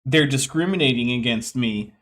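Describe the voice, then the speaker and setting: A man's voice: mid-range voice, normal speed, fairly bright tone. Chatty sardonic male streamer. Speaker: streamer and host. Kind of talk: casual live-stream commentary.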